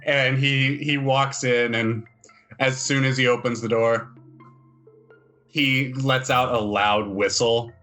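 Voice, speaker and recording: A man narrating scenes as the game master of a tabletop game, in a relaxed, descriptive way. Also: mid-range voice, slow pace, soft background music.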